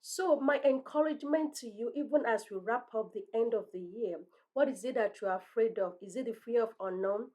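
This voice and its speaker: Woman, high voice, strong thick accent, earnest, encouraging, motivational host. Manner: earnest, encouraging, ends in prayer. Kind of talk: motivational talk. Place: room lined with bookshelves.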